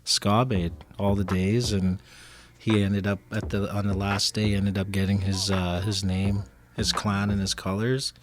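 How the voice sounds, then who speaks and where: A man's voice: fairly low pitch, level tone, a little slow. A man on a radio panel, telling a story and acting out the quoted dialogue. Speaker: panelist and ceremony helper.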